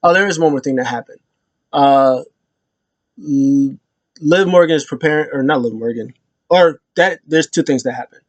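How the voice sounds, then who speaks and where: A man casually recapping wrestling, rambling with lots of fillers and restarts, jumping into loud high voices when he quotes people. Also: moderate pace, pauses often, no echo.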